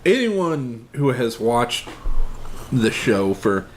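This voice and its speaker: A man's voice: mid-range voice, sing-song, very slow, a little hiss or hum. A man co-hosting a casual comedy news podcast, reading out odd stories and joking along. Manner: reads news items aloud between jokes. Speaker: podcast co-host.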